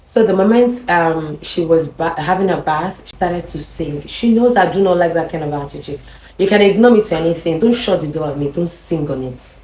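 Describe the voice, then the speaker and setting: A woman's voice: on the low side, moderate pace, a little hiss or hum. Nigerian woman telling a story in a roomy echo. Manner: animated, addresses the viewers directly. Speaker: vlogger. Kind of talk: storytime monologue.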